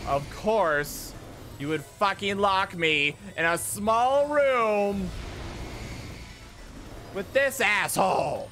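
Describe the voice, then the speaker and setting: Man, gaming streamer, fairly high voice, excitable, lots of swearing, live commentary, faint game music behind. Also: extremely slow, pauses often. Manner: excitable, swears a lot, jumps into silly put-on voices. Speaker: streamer playing video games.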